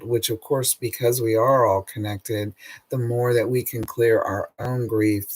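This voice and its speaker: Husky middle-aged guy, healer vlog, drags his words out slow and heartfelt. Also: mid-range voice, poor audio. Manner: slow, emotive, drawn-out and earnest. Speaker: energy healer. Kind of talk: spiritual self-help talk.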